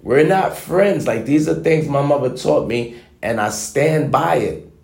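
A man's voice: mid-range voice, measured pace, gravelly, a little mellow, reverberant. A man giving a blunt, emphatic motivational monologue, lecturing his listeners and repeating his points for emphasis. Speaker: motivational vlogger. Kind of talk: preachy monologue to the camera.

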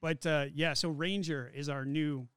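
A male host in casual chat, upbeat and joking as he moves between topics. His voice sits a little high. The sound is dry and close to the mic. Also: steady tone, a little slow, fairly bright tone, clear, resonant tone, no echo. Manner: upbeat, joking, runs the segments. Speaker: podcast host.

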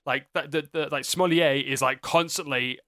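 A man co-hosting a casual film chat, dryly sarcastic and halting with many fillers. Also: mid-range voice, bright, forceful tone, no echo, studio quality. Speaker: podcast co-host.

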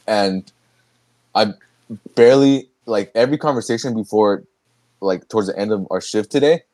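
A man's voice: lowish voice, moderate pace, long pauses, a little mellow, no echo. A young man hosting a podcast, chatting casually, rambling with restarts and laughing often. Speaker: podcast host. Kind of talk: casual chat.

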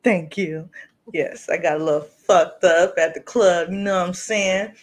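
A woman co-hosting a podcast in casual chat, loud, playful and full of slang. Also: lowish voice, fairly even intonation, unhurried. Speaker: podcast co-host.

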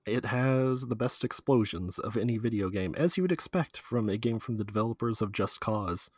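A man's voice: on the low side, expressive, normal speed, no room sound, studio quality. A man chatting casually about a video game, rambling with lots of fillers and frequent laughs. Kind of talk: casual chat.

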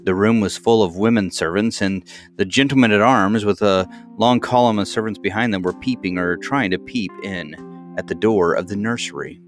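A man reading a classic children's story aloud as a narrator, in measured storytelling. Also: fairly low pitch, faint music behind. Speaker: audiobook narrator. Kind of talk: scripted narration.

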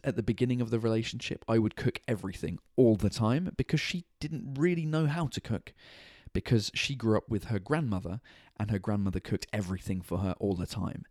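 A man's voice: medium pitch, a little mellow, no room sound. Man, tired, chatty, swears freely, podcast host, dry room sound. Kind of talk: casual chat. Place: home kitchen at night.

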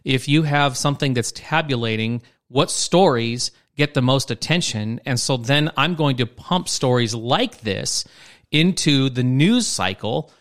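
A man's voice: mid-range voice, animated, measured pace, fairly bright tone. A man co-hosting a casual Bible discussion podcast, talking in loose, rambling sentences with many restarts. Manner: rambling, many restarts and fillers, laughs easily. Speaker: podcast co-host.

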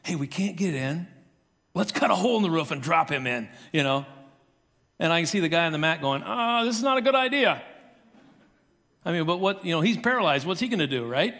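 High-voiced preacher in a reverberant hall. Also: male voice, quick pace. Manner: animated storytelling, acts out voices. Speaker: pastor. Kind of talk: sermon.

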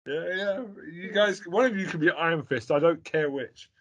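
A man hosting a casual chat over a video call, jokey and excitable, swearing freely. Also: on the high side, normal speed.

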